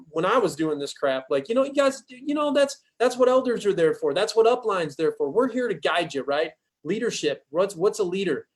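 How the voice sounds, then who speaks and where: High-pitched, peppy man pep-talking his team. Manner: energetic, folksy, pumps up listeners with "guys". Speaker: team leader hosting a sales training call. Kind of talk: motivational pep talk.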